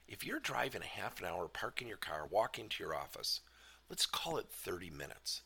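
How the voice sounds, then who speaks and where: A man giving a motivational business talk as a leadership coach, emphatic and animated, asking many questions. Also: lowish voice, creaky, breathy edge.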